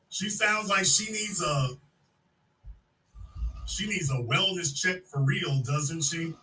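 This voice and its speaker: A call-in show host mocks and insults a caller and talks over her in a combative exchange, his voice sounding distant from the mic. He speaks slowly with long pauses, in a slightly high, pushed and bright voice.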